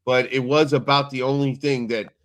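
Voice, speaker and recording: Man calmly retelling a TV plot. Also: medium pitch, normal speed. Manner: steady, explains plot step by step. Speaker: podcast co-host. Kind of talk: casual TV recap chat.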